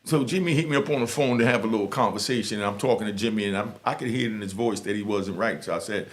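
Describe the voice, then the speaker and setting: A man's voice: lowish voice, quick pace. Emphatic streetwise man with a New York accent. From Harlem, New York. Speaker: YouTuber giving advice to youth. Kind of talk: direct, casual straight-to-camera talk. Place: indoors in front of a green screen.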